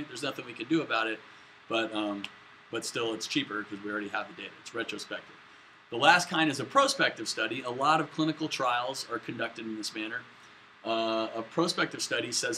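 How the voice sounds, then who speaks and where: A man's voice: medium pitch, sharp tone, a little hiss or hum, low-quality recording. A man lecturing a statistics class at a whiteboard, in a casual, chatty way with jokey asides. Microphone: camera in the room, moving away to the board.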